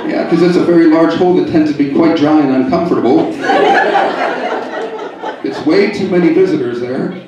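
A middle-aged man doing a stand-up comedy set, deadpan and teasing the crowd. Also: fairly high pitch, a little fast, long pauses, dull audio, very noisy. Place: comedy club in a hotel. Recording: echoey club from far off. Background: audience laughing.

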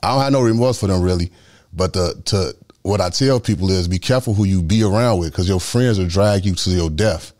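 Middle-aged Chicago man, a low-voiced and fast guest storyteller, animated, heavy slang. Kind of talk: casual street storytelling.

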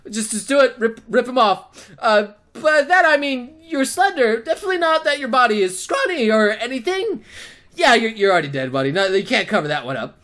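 Guy doing a let's play, high voice that jumps all over, yelps and swears a lot. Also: brisk. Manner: excitable, yelps and shrieks, laughs, swears a lot. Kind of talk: let's play commentary reading game text aloud.

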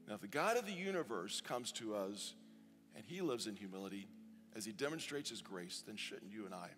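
A man as pastor giving a sermon and a communion prayer, earnest, slowing down to stress each quoted verse. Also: lowish voice, animated. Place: church sanctuary. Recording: long church reverb with soft music.

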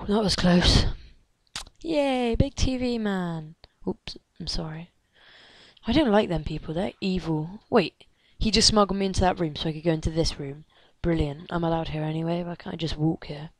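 A woman giving let's play commentary, excitable and gasping, chattering at game characters and dropping into hushed whispers. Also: on the low side, normal speed, dry recording. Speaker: gamer.

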